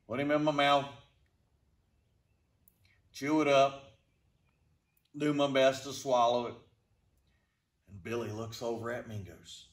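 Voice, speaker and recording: Slow-talking man telling a story. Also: medium pitch, steady tone. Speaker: storyteller vlogger. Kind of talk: casual storytelling. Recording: roomy, distant from the mic.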